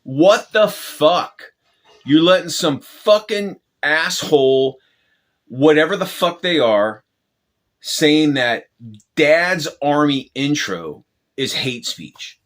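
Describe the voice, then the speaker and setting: A man's voice: a little high, animated, slow pace, fairly bright tone. A man hosting his own channel, delivering an angry, profane rant with lots of swearing and restarts. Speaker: channel host.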